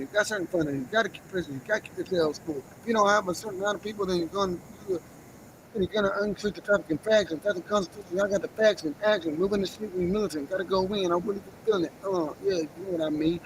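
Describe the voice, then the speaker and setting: Man, high voice, rapid-fire, agitated freestyle rant, profane, faint noise behind. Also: rough recording. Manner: agitated, profane, defiant, half-rapped rambling. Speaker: livestreamer. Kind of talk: freestyle rap and rant on a livestream.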